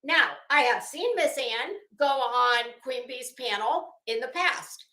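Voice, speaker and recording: A woman's voice: high-pitched, lively intonation, takes it slowly, pushed and bright. A woman streaming and chatting casually, rambling with many restarts and fillers. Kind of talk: casual chat. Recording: echoey room.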